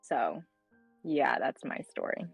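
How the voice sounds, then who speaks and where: A young woman casually telling a personal story as a guest on a stream, animated and acting out the dialogue. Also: extremely low pitch, slow, vocal fry, husky, no room sound, faint music behind, low-quality recording. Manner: animated, acts out dialogue with lively voice changes.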